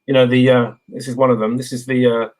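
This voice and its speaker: A man from England as a guest in a casual video interview, relaxed and rambling with many fillers. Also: medium pitch, fast talker, rough recording.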